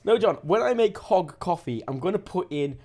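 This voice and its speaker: A man's voice: high voice, expressive, moderate pace, crowd noise. A man co-hosting a podcast, blunt and sweary, mocking the others. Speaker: podcast co-host. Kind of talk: casual banter.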